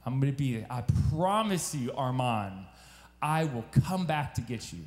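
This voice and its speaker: A man voicing a determined father who speaks in steady, reassuring promises to his young son, heard in an echoey hall. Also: mid-range voice, moderate pace, pitched below the performer's own voice, close to an everyday voice.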